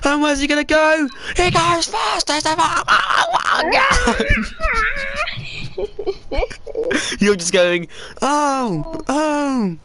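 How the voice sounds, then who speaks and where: A race commentator giving live sim-racing commentary, excitable, often laughing and screaming. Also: high voice, moderate pace, hardly any pauses, over a noisy crowd. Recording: noisy line with steady hiss.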